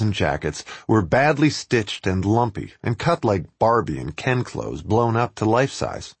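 Wry husky male narrator. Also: fairly low pitch, no room sound. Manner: wry, sardonic. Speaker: writer reading his own travel piece. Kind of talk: first-person narration read aloud.

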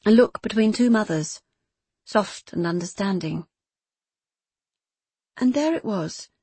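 A woman reading a novel aloud in measured, intimate scripted narration. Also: mid-range voice, darkish tone, slightly rough, dry recording. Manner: measured, intimate, close third-person storytelling. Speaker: audiobook narrator.

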